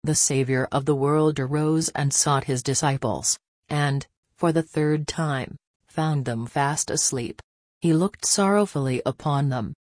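A woman reading a devotional religious text aloud in a measured, solemn narration. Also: sits low, darkish tone, no echo. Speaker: reader.

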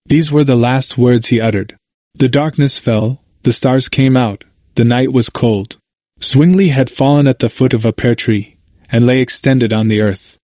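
Man, audiobook narrator, measured, solemn, mid pitch, dry close sound. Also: warm tone, no room sound. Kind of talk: scripted history narration.

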